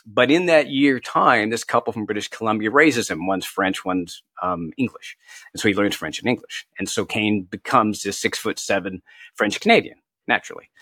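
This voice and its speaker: A man's voice: fairly low pitch, normal speed, pushed and bright, slightly rough, no echo. A middle-aged man, an author guest in a casual interview, chatty and self-deprecating, laughing often as he tells anecdotes. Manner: tells anecdotes with quoted asides.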